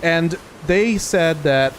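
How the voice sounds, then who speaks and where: A man's voice: a little high, takes it slowly, slight background noise, poor audio. A young man chatting over a video game, telling rambling stories with stammers and laughs. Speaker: co-host of a gaming channel. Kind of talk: casual gameplay commentary chat.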